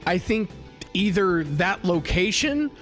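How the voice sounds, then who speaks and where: A man with a fairly high voice chats on a livestream, spinning a rambling travel story full of swearing and restarts. Faint music plays behind him as he talks into a desk mic. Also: very animated, slow pace, fairly bright tone. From United States. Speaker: livestream host. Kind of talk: casual chat.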